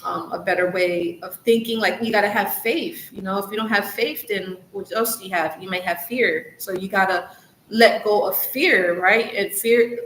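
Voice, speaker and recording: A woman's voice: medium pitch, a bit bright. Chatty woman giving advice in an echoey room. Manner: chatty, loose, full of "like" and "you know"; earnest and encouraging, repeats herself for emphasis. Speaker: channel host, coach on recovery from narcissistic abuse. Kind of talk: casual advice vlog. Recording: echoey room with faint background hiss.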